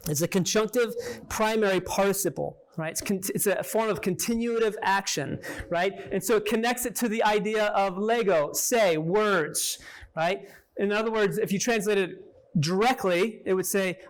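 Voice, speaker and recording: A man with a rather high voice leads a Bible lesson for a small group. His talk is conversational and back-and-forth. He keeps checking in with his listeners and putting questions to them as he goes. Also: moderate pace. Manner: conversational, peppers points with "right?" and questions to listeners. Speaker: Bible teacher.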